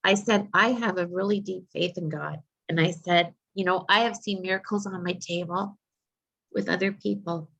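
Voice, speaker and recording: A woman's voice: lowish voice, steady tone, moderate pace, creaky, fairly bright tone. A woman, a psychic medium, earnestly recounting a personal story in an interview, with frequent fillers. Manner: earnest, heartfelt retelling with many fillers. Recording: slightly muffled lo-fi recording.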